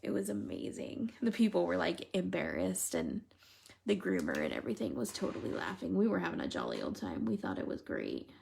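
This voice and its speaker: A woman's voice: on the low side, sing-song, a little fast, creaky, darkish tone, a little hiss or hum. A woman hosting a live stream, telling funny stories and chatting casually with viewers by name while she colors. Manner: chatty, giggly storyteller, replying to viewers by name.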